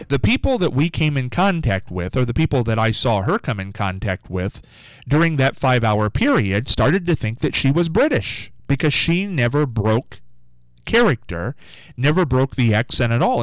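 A man's voice: medium pitch, no echo, rough recording. A man hosting a local radio show, telling a rambling story in a chatty, casual way.

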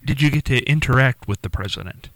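A man's voice: medium pitch, fast, a bit bright, no echo. A man interviewing a guest, asking questions in an easygoing, curious way.

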